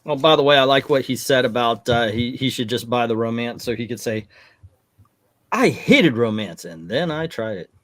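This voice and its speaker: A man's voice: mid-range voice, animated, moderate pace, a bit bright. A man hosting a livestream comic auction, announcing plainly and joking with guests. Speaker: host running a comic auction. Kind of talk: casual chat.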